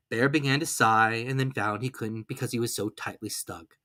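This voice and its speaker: A narrator giving a calm, expressive storybook reading. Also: mid-range voice, moderate pace.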